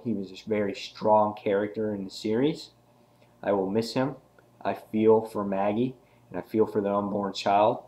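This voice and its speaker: A man reviewing a comic book in a casual video, retelling scenes excitedly with many restarts. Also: fairly low pitch.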